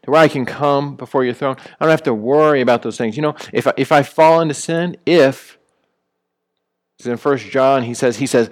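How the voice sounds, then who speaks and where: This pastor has a mid-range voice and preaches at a moderate pace, keeping his sermon easygoing and conversational. Fillers and restarts come often. His voice rises sharply when he acts out calling someone back.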